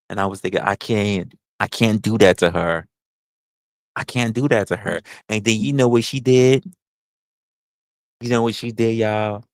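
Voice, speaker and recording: A livestream host acting out a boastful reformed soul snatcher confessing to a support group, with a slangy drawl. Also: male voice, lowish voice, no room sound, voice pushed down, rough recording. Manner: swaggering, drawling storyteller with street slang. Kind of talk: comedic improvised skit on a livestream.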